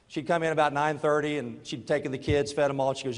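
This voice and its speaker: A middle-aged man giving a motivational talk to a live audience, telling a personal story and moving between quiet confession and loud urging. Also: a little high, fast talker, hardly any pauses, big-room sound. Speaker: network marketing speaker.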